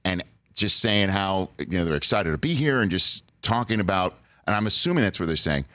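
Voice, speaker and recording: A man's voice: deep voice, expressive, fairly quick, a bit bright, no room sound, studio quality. A man hosting a talk show, telling a rambling, self-interrupting story in casual chat.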